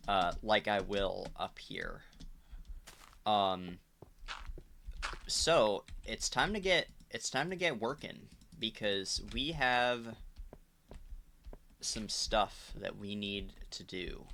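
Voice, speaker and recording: Slow-talking man with a bright, low voice. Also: creaky, a little hiss or hum. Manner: rambling and casual, with sudden profane outbursts. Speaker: let's play host. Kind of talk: casual gameplay commentary.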